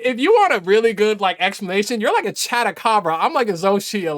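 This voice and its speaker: A man doing casual reaction commentary, exasperated and incredulous, swearing and swinging from muttering to loud outbursts. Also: high voice, big pitch swings, fast talker, hardly any pauses. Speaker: gaming YouTuber reacting to a response video.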